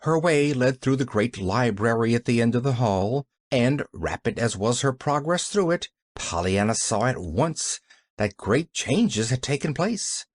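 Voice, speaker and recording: A man reading a classic novel aloud as an audiobook narrator with animated storytelling. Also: mid-range voice, a little slow, no echo, clean studio sound. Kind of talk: scripted narration.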